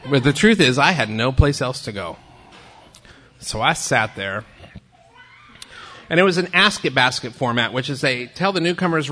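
An older man shares his recovery story in a talk, with a bright, forward voice. His delivery is wry and self-mocking, with campy asides. He lands his punchlines with timing. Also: a little high, normal speed. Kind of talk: humorous personal storytelling talk.

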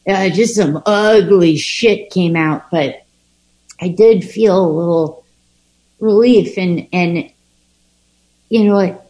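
A woman's voice: lowish voice, dark tone, poor audio. A woman candidly telling her own recovery story, speaking frankly with lots of swearing and frequent restarts. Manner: halting and frank, heavy swearing, many restarts. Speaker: person sharing a recovery story.

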